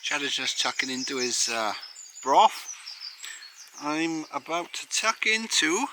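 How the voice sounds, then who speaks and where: Bright-voiced chatty man vlogging outdoors. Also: fairly high pitch, sing-song, slow, slight background noise. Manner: chatty and rambling, with many fillers. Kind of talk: casual camping vlog to camera. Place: outdoors at a rural campsite.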